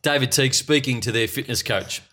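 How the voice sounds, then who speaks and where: A man's voice: mid-range voice, a little fast, sharp tone. A man, co-hosting a casual sports chat and telling jokes. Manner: jokey, playful storyteller. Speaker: podcast co-host.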